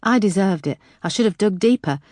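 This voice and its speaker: A woman's voice: mid-range voice, animated, a little fast, darkish tone, no room sound, clean studio sound, pitched above the performer's own voice, close to an everyday voice. A woman voicing a young woman detective, grieving and guilt-ridden, speaking tearfully in an audiobook. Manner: tearful, self-reproaching.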